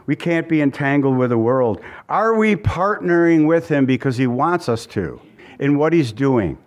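A man preaching a sermon as pastor, earnest and conversational, repeating phrases for emphasis and adding casual asides. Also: lively intonation. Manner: reads scripture in a slower, lower voice.

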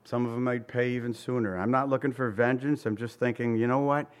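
A man of middling pitch preaching to his congregation. He talks like he is chatting with them, firing off rhetorical questions. Now and then he acts out the voices of the people he quotes. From Italian family background. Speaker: pastor. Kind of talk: sermon.

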